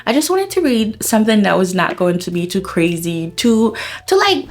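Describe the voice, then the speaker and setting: A woman chatting casually in a book review vlog. She talks with excitement, laughs often and fills her speech with "like.". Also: mid-range voice, normal speed. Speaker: book vlogger.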